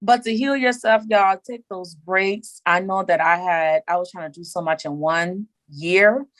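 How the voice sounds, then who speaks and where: A woman talking as a podcast guest in casual chat, animated and emphatic, repeating her words for emphasis. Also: fairly low pitch, unhurried, no room sound, rough recording.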